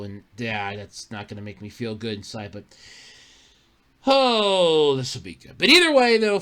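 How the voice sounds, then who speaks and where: A man's voice: lowish voice, sharp tone. A man hosting his own podcast in casual, rambling chat, swearing offhandedly and chuckling between stories. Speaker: podcast host.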